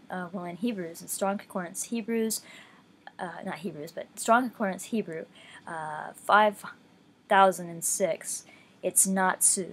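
A woman's voice: on the low side, breathy edge. A woman, a schoolteacher, reading Bible verses aloud in a read-along and stopping now and then to explain a word. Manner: reads verses in old-fashioned wording, breaks off to explain words. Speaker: teacher reading scripture aloud.

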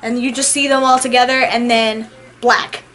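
High-voiced young woman, animated chat. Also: normal speed. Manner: animated, emotional storytelling with acted-out quotes. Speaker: co-host. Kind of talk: casual movie review chat.

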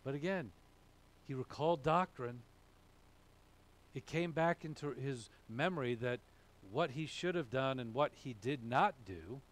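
Animated preaching man, lively pitch. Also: a little slow, long pauses. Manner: animated preaching with repeated phrases and chuckles. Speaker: pastor. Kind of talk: sermon.

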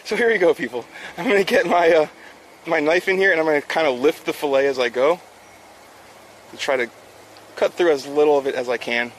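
A man's voice: a little high, brisk, pauses often, slight background noise. Upbeat man filleting fish on stream. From South Florida. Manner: upbeat, chatty, talks to chat while working. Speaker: fishing livestream host. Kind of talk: casual live-stream instruction. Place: outdoors.

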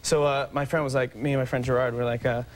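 A man in his twenties, a talk show guest, telling rambling, excitable stories with lots of fillers. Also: medium pitch, fast talker, noisy background. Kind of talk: casual chat.

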